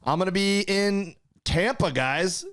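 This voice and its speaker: A comedian co-hosting a casual podcast, teasing his co-host with deadpan jokes. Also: high voice, unhurried, dry recording, clean studio sound.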